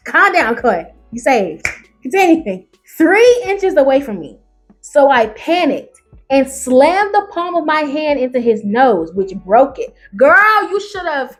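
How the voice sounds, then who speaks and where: High, lively, sassy woman reading stories. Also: slow, faint music behind. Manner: sassy, loud outbursts, calls listeners baby and honey. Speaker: YouTuber reading online stories aloud. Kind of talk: animated reaction reading.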